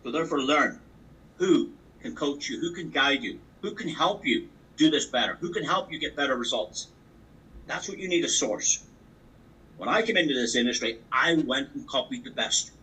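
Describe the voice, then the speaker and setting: A man's voice: mid-range voice, lively intonation, normal speed, sharp tone, recorded from a distance, rough recording. A man giving a motivational training talk on a call, emphatic and repetitive, driving his points home with sports analogies. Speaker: business opportunity trainer. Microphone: call audio.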